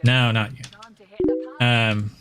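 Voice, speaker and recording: Background noise sits under this man's mid-range voice, which is flat in delivery with drawn-out words. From the American South yet without a Southern accent, he rambles and chuckles often, using many fillers as he chats on a game stream.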